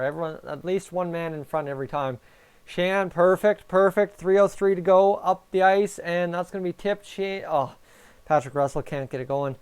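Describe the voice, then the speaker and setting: Young man, high and smooth voice, jittery fan reacting live to a game. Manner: nervous, excitable, talks to chat. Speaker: fan streamer.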